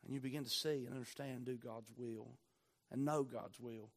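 A pastor preaching a Wednesday night sermon, building from quiet asides to impassioned, near-shouted peaks. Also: male voice, mid-range voice, fairly even intonation, normal speed.

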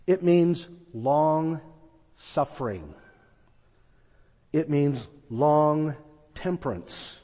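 A man's voice: on the high side, warm tone, breathy edge. A man preaching a sermon, telling a story and acting out the voices in it. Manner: storytelling, acts out quoted voices. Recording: long reverb of a large hall.

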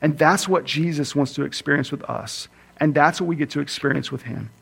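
High-voiced man preaching a sermon. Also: fairly quick, gravelly, a bit bright, breathy edge. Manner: earnest, varies pace for emphasis, acts out his kids with a higher voice. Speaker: campus minister preaching.

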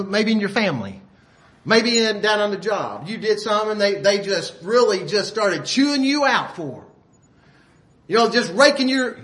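A man preaching a sermon in a folksy way, asking the listeners rhetorical questions and often clearing his throat. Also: high voice, sharp tone.

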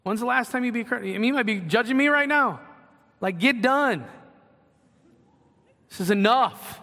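A man's voice: very high-pitched, normal speed, sharp tone. A man preaching a sermon in a church, earnest and conversational, often repeating his phrases for emphasis. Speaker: pastor. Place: church sanctuary. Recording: long hall reverb.

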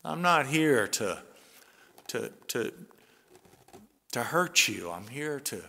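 Male pastor, unhurried sermon, earnest, long church reverb. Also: medium pitch, sing-song, creaky. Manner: earnest, conversational preaching with soft chuckles. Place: church sanctuary.

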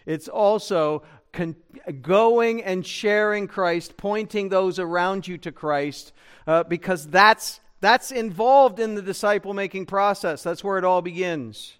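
A male pastor delivers a sermon with a high-pitched, smooth and resonant voice. He preaches emphatically, asking rhetorical questions and restarting his phrases as he goes. His tone stays crisp throughout. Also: a bit bright.

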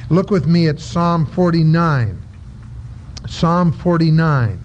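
Slow, halting preacher man on lo-fi tape. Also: fairly high pitch, expressive. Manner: halting, with many filler sounds; reads scripture aloud between explanations. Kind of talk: Bible-study sermon. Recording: dull lo-fi recording with faint noise.

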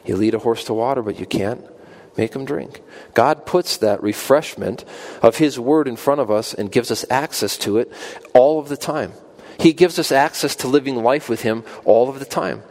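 A man preaching a sermon in an earnest way, climbing to emphatic peaks and then dropping soft and low. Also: moderate pace. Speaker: pastor.

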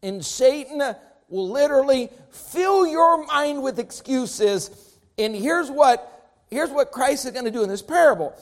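A man preaching a sermon to his congregation, with an emphatic, rising and falling preaching cadence. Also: very high voice. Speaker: pastor.

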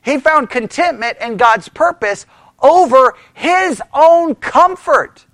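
A man gives an informal Bible study in a church, talking with emphatic energy and acting out voices as he goes. His voice sits very high and swoops widely in pitch. The sound is dry and close, with little room echo. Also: slow pace. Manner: animated, emphatic, acts out voices. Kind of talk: informal teaching sermon.

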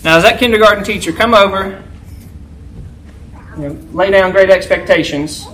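Male preacher, high voice, chatty delivery, faint noise behind. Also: moderate pace, poor audio. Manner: conversational, keeps asking "right?"; acts out a yelling teacher in a loud, high voice. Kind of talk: sermon.

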